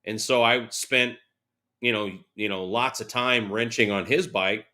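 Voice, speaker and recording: A man in his forties, a guest chatting casually in an interview. His voice is bright and forceful. He tells lively stories and acts out the people in them. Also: on the low side, unhurried. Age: 40s. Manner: animated storyteller, laughing, acts out quotes.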